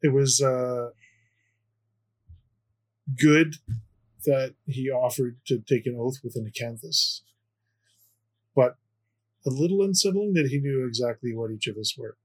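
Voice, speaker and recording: A man at a tabletop game with a husky, slightly raspy voice. He talks in a measured way and hesitates before making his point. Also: medium pitch, rough recording. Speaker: player. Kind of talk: casual tabletop chat.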